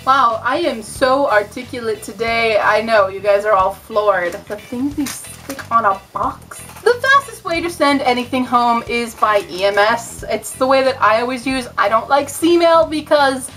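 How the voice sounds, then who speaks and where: A woman's voice: on the high side, moderate pace, hardly any pauses, fairly bright tone, soft background music. A young American woman in her twenties giving a casual, chatty vlog explainer, full of sarcastic, self-mocking asides. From United States. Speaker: vlogger.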